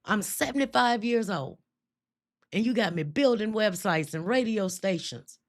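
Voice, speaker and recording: A woman's voice: mid-range voice, animated, a little slow, pitched above the performer's own voice. A woman voicing her friend, an affectionate woman in her seventies who teases her fondly. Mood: fond teasing. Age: 70s. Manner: teasing, exclaiming.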